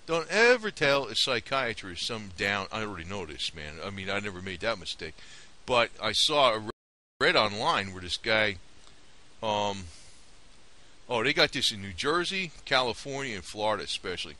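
A man's voice: fairly low pitch, big pitch swings, moderate pace, bright, forceful tone. A man ranting casually to camera about a TV show, rambling, indignant and conspiratorial. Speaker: vlogger. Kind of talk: casual opinion rant to camera.

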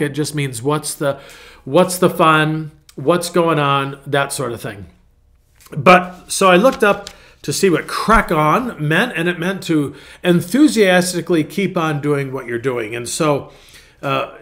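A pastor gives a casual devotional talk in a slightly high, fairly bright voice. He rambles, corrects himself as he goes, and clears his throat.

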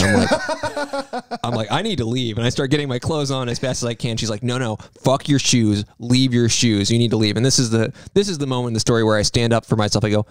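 A man telling a long funny story in casual podcast chat, laughing often and acting out both sides of the conversation. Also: medium pitch. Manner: animated, laughing through his own story. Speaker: podcast guest.

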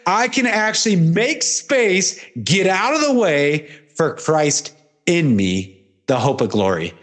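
Fervent high-voiced male pastor. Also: animated, slow. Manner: fervent, repetitive litanies, swings from loud peaks to low murmurs. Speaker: pastor hosting a guest. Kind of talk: passionate preaching in conversation.

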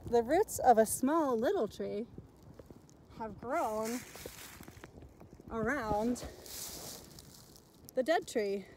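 A woman's voice: a little high, lively intonation, very slow, pauses often, darkish tone, slight background noise. A woman giving an outdoor nature lesson to children on a forest trail. She asks the viewers curious questions, recorded on a handheld phone. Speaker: teacher.

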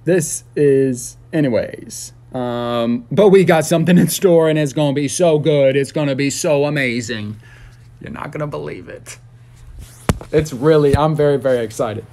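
At normal speed, a man rants on a casual livestream, rambling and swearing, punctuated by sudden high squeals and shouts.

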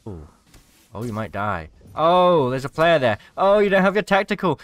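A man's voice: on the high side, big pitch swings, moderate pace, no echo. A man giving casual commentary over gameplay, cheering at the screen and mocking the players he watches. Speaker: gaming commentator.

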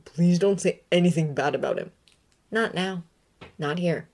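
A grieving young man in a storybook, withdrawn and curt, who answers in a low, quiet, clipped voice, as a woman reads him. He gives short replies and keeps people at a distance. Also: measured pace. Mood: pleading.

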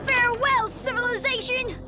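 A woman voicing an excitable, touchy young cartoon rabbit who bursts into dramatic, huffy complaints. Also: extremely high pitch, normal speed. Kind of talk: cartoon voice acting. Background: loud cartoon music.

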